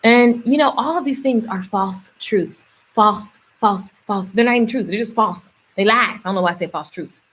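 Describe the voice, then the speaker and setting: A woman's voice: medium pitch, moderate pace, hardly any pauses, fairly bright tone, husky. A young woman, coaching her audience in a casual motivational livestream, chatty and preachy and repeating words for emphasis.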